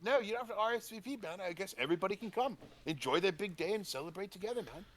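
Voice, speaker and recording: A man's voice: high voice, lively intonation, very fast, fairly bright tone. A man playing a laid-back talk show co-host in a role-play game, casually chatting and tagging his lines with easygoing slang. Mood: laid-back banter.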